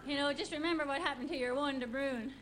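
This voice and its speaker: A woman's voice: high voice, quick pace. A woman doing an impression of a chatty Irish athlete and mother, telling a rambling story in an Irish accent, in an archive TV sketch. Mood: gossipy. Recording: archive TV sketch with loud noise.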